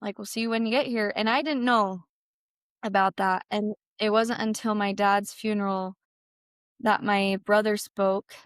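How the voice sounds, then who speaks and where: Young woman telling a personal story, clear voice. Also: steady tone, measured pace, no echo, clean studio sound. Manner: heavy use of "like", quotes herself in a higher voice. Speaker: guest.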